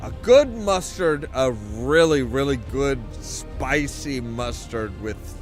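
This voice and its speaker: A man's voice: medium pitch, animated, slow, over music. Rambling, profane gaming commentator man. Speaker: let's play commentator.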